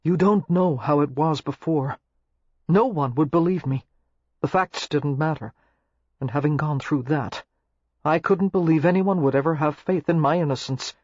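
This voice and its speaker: A narrator voicing a troubled young American man in an audiobook, speaking quietly and hoarsely. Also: medium pitch, moderate pace, no room sound, dull audio, natural voice. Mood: subdued. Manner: quiet and subdued. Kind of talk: audiobook character reading.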